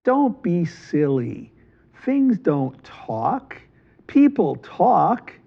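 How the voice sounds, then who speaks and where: A man voicing a calm, dismissive cloth merchant in a children's folk tale, speaking slowly and low. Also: dull audio. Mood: scoffing. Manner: slow, dismissive. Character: calm, slow, scoffing male cloth merchant.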